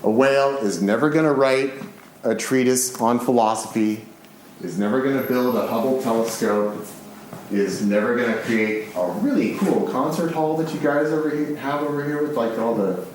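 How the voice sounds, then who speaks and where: Guy giving a live talk, gets excited, swears casually, big booming hall echo, faint hum behind. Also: normal speed. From United States. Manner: excitable, animated, casually profane. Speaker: speaker giving a public talk. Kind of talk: live public lecture. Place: large concert hall with an audience. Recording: very echoey live hall recording.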